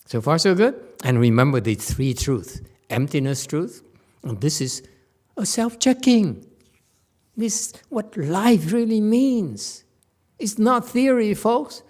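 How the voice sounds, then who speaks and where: A man giving a casual Buddhist dharma lecture as teacher, animated and joking, repeating words and mimicking voices. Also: sits high, takes it slowly. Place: temple lecture hall.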